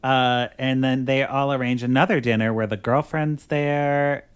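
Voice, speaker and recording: This podcast host casually walks through a movie's plot, chatty and constantly saying "like." He speaks a little slowly at medium pitch, smooth and with fairly even intonation.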